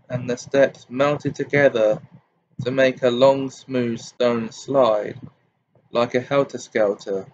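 Guy reading a fantasy audiobook, mid voice, bit muffled and hissy. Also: medium pitch. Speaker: amateur audiobook reader. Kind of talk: audiobook narration.

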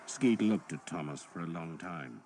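A deep-voiced man narrates an audiobook in a steady, measured way. A faint hiss sits under his reading.

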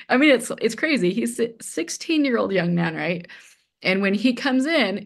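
A woman's voice: mid-range voice, normal speed. A middle-aged woman guest who chats casually and tells stories with animation, acting out quoted dialogue and using lots of "like.". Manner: animated, acts out quoted dialogue, many fillers like "like". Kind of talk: casual conversational storytelling.

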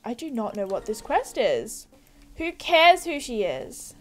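Woman playing a horse game and chatting, high voice, jumps up and down a lot, wry little comments. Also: very animated, takes it slowly. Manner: chatty, wry and confused asides. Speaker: gaming youtuber. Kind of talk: casual gameplay commentary.

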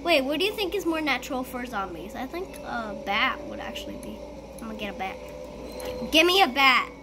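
High, lively, slow-talking woman gamer. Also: noisy background. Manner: excitable, bursts into shrieks and giggles. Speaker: gamer playing a school role-play game. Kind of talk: playful gameplay commentary.

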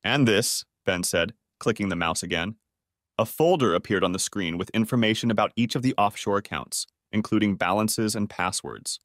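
A man's voice: fairly low pitch, normal speed, dry recording, studio quality. Man narrating an audiobook drama.

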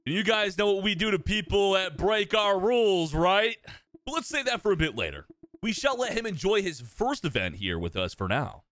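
A man voicing a commanding male cult leader in a slow, theatrical villain delivery. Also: high voice, big pitch swings, fairly bright tone, no room sound. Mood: menacing.

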